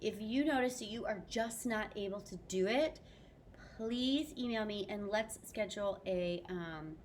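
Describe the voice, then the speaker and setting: An upbeat woman teacher walks students through a French grammar lesson, sprinkling French words into her English. Her voice sits at an ordinary middle pitch. A faint hiss of background noise runs under the recording. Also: measured pace.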